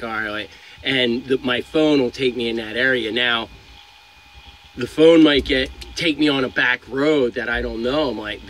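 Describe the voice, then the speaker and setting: A man's voice: mid-range voice, fairly bright tone, a little hiss or hum, poor audio. A young man who drives trucks, giving frank, rambling advice to viewers, swearing now and then. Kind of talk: casual advice vlog. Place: inside a truck cab.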